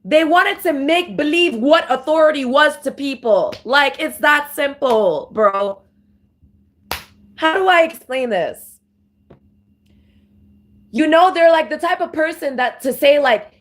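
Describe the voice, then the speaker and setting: A woman giving an off-the-cuff spiritual monologue, ranting with profanity and slang, restarting phrases and breaking into louder emphatic bursts. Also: sits high. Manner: profane, emphatic rant with sudden louder outbursts. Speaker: spiritual commentator.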